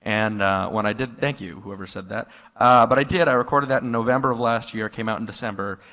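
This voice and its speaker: A man's voice: fairly low pitch, a little fast. Stand-up comic man in an echoey room. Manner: deadpan storytelling that jumps to loud exasperated outbursts. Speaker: stand-up comedian. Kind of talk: stand-up set. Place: live comedy room with an audience. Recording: live room with long hall reverb.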